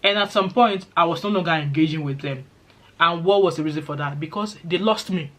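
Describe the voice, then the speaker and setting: Fast-talking Nigerian woman vlogger. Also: lowish voice. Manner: fast-talking, lively storytelling. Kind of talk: casual chat to camera.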